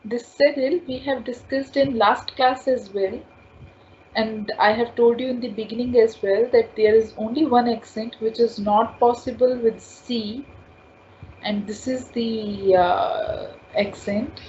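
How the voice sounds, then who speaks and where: A woman teaches a language class in a slow, patient way, repeating each sound and rule several times. Her voice sits a little high for a woman. The recording is dull and lo-fi, with a faint hiss behind her. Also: steady tone, darkish tone. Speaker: French teacher.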